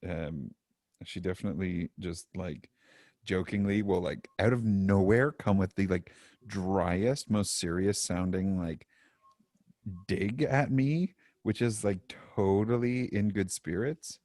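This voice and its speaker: A man's voice: deep voice, slow pace, a little mellow, dry recording, clean studio sound. A young adult man co-hosting a podcast, chatty and laughing, with lots of fillers. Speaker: podcast co-host. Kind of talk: casual chat.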